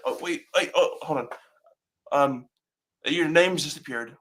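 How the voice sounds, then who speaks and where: A man's voice: on the high side, brisk, fairly bright tone. A man chatting casually as a podcast guest, rambling and stammering with many repeated words while telling stories. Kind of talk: casual chat.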